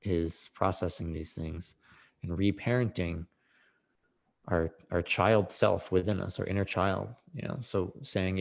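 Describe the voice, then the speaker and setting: As a podcast guest in a reflective conversation on emotional healing, a man explains things earnestly at a measured pace. His low, creaky voice keeps a fairly even intonation but rises sharply for emphasis.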